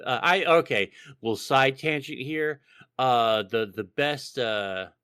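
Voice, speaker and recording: A man's voice: mid-range voice, fairly bright tone, dry recording, clean studio sound. Rowdy, foul-mouthed man on a podcast. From Texas. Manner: profane, rowdy, rambling with frequent fillers. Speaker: podcast co-host. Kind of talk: casual podcast banter.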